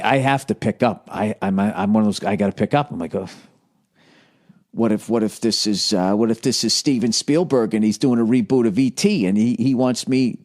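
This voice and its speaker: A man in his forties from the United States rants through a comedy podcast monologue. He swears constantly, mocks himself and keeps the delivery animated, at a middle pitch for a man. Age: 40s. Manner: profane, animated ranting, self-mocking. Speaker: podcast host.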